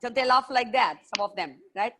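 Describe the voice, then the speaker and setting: A woman telling stories to children on a video call, playful and animated, full of sound effects. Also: fairly high pitch, fairly quick, a little hiss or hum. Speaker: children's storyteller and author. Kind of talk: live storytelling session for children.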